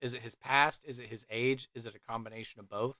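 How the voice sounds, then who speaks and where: A man from the Dallas–Fort Worth area hosts a tabletop game podcast in a smooth, clear voice. His sound is dry and close, and he keeps things brisk with quick affirmations. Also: mid-range voice, steady tone, pushed and bright, dry recording. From Dallas–Fort Worth area, Texas. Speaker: podcast host and game master. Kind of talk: casual tabletop game chat.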